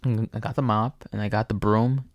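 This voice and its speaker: A young man telling a profane, animated story in casual chat, often laughing. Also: lowish voice, normal speed, no echo.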